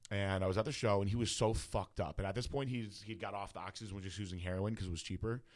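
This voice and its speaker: Male guest, deep voice, candid profane personal story. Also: fairly even intonation, fast. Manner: casual, profane, heavy use of filler words. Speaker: guest bodybuilder.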